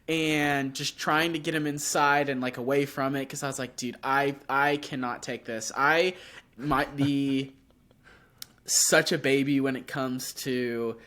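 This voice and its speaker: Sick young guy on a podcast, bright voice, telling a story and acting out his reactions. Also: on the high side, measured pace. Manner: animated storyteller, acts out his own reactions. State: sick, sore throat. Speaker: podcast co-host. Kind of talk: casual storytelling chat.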